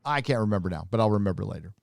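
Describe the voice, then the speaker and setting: A man's voice: fairly low pitch, lively intonation, rapid-fire, gravelly, no echo. A man hosting a live podcast, chatting casually and rambling with lots of profanity. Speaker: host. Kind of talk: casual livestream chat.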